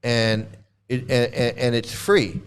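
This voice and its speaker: Smooth-voiced man rambling through commentary. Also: mid-range voice, steady tone, slow pace. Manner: rambling and repetitive, often laughing. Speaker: commentator reacting to clips. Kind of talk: casual reaction commentary.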